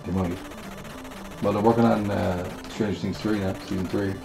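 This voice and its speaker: Gravelly-voiced Newfoundland man chatting. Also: sits low, fairly even intonation, moderate pace, a little mellow. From Newfoundland, Canada. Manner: chatty, repeats words when starting sentences. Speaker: guest co-host. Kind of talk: casual chat on a game stream. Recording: echoey room with game music.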